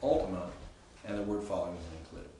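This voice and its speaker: A man's voice: deep voice, steady tone, very fast, dark tone, slight background noise. A man teaching a Greek grammar class, explaining rules and asking his students questions, with frequent fillers. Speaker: Greek instructor. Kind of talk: classroom lecture. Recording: echoey classroom, distant mic.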